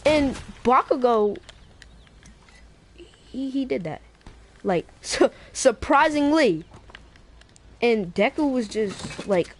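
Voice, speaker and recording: A woman's voice: a little high, expressive, takes it slowly, long pauses, darkish tone, a little hiss or hum. A woman YouTuber casually telling a fan-fiction story, rambling with many fillers and restarts.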